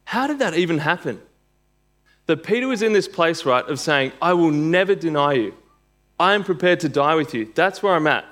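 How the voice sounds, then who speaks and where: A man's voice: a little high, expressive, normal speed, a bit bright. A man preaching a sermon and reading scripture aloud, earnest and emphatic, building to bursts of intensity.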